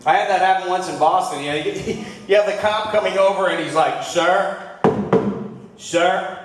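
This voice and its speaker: A man doing a stand-up comedy set on a club stage, acting out drunken versions of himself in shouted, high voices. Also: quick pace, recorded from a distance, soft background music. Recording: very echoey club from afar.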